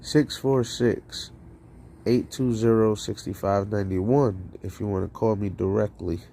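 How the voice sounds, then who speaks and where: A man's voice: on the low side, steady tone, a little slow, vocal fry, mellow, a little hiss or hum. A man hosting a call-in livestream, rambling casually with profanity and frequent laughter. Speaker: call-in show host.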